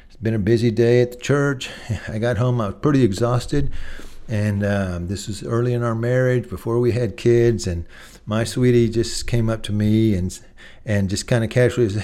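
A man's voice: mid-range voice, moderate pace, mellow. A middle-aged male pastor preaching a sermon in a conversational way, telling a personal story and listing words one by one.

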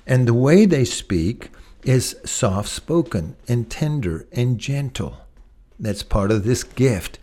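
A man's voice: mid-range voice, a little mellow. A middle-aged male pastor preaching a sermon in a conversational way, telling a personal story and listing words one by one.

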